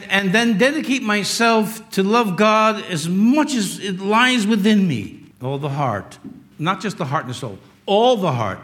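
A man in his sixties preaching a sermon in a conversational way, with wry humor, moving between loud emphasis and quiet asides. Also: high-pitched. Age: 60s. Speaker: pastor.

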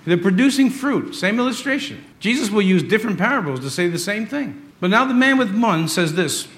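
Animated male pastor preaching a sermon. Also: sits high, fairly quick. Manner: animated preaching, swinging between loud emphasis and quiet asides.

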